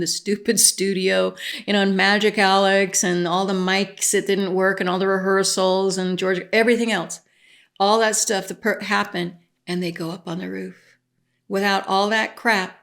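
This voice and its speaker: A woman's voice: mid-range voice, creaky. A woman talking in a casual, emotional monologue, gushing and rambling with frequent restarts. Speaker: vlogger.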